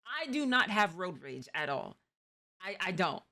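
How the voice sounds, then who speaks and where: New York woman, stream host, slangy rambling chat, lowish bright voice. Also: very animated, a little slow, gravelly. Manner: rambling, slangy, many restarts.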